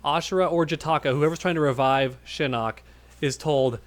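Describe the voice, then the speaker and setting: Male podcast co-host, somewhat high voice, playful and joking. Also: moderate pace. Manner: playful, laughs while spinning jokey scenarios. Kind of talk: casual gaming podcast chat.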